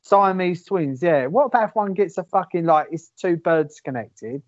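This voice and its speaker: Male podcast co-host, raised pitch, dry lo-fi audio. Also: expressive, moderate pace, no room sound. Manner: crude, laid-back, swears. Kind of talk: casual banter.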